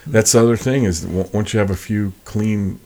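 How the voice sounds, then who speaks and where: A man, a record collector, retelling a story in a relaxed casual chat. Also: on the low side, normal speed. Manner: relaxed retelling with many fillers.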